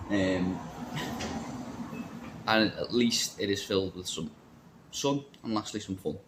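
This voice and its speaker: Over a noisy background, a man with a low voice speaks slowly in a casual vape shop vlog. The shop worker rambles on, full of jokes and self-mockery.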